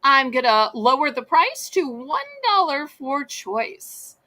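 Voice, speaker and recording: High, lively woman auctioneer. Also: no room sound. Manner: chatty, folksy, drawn-out sales patter. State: losing her voice. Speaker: live online auction host. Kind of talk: live-stream selling chat.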